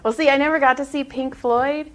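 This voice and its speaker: A woman hosting a casual podcast chat, lively and quick to laugh, with some casual swearing. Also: high voice, noisy background. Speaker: podcast host and massage therapist.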